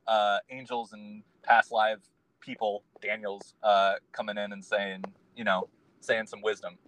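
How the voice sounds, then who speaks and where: A man's voice: lowish voice, a bit bright, rough recording. A man, a guest on a podcast, talking in a casual conversation and telling his story in an earnest, meandering way.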